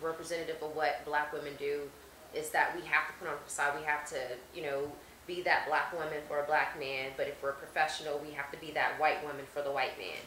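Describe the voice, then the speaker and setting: A woman actress talking in a casual interview, reflective and animated when telling stories. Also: sits low, quick pace, reverberant, slight background noise, poor audio. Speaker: actress guest.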